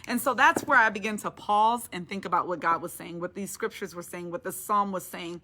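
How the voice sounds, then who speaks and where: A woman's voice: fairly low pitch, fairly quick, pushed and bright. A woman giving a devotional Bible teaching, reading scripture aloud and preaching on it with rising passion. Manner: impassioned, rising to emphatic declarations.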